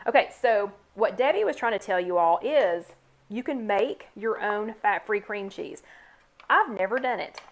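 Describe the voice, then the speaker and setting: A woman hosting a live online chat, casually demonstrating a recipe and talking to viewers by name in an upbeat, chatty way. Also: medium pitch. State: hiccups. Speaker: host. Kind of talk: live cooking demo chat.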